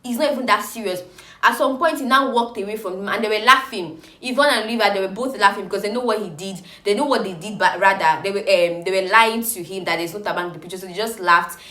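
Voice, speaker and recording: A woman chattily recapping reality TV gossip, animated and exclaiming. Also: medium pitch, fast, reverberant.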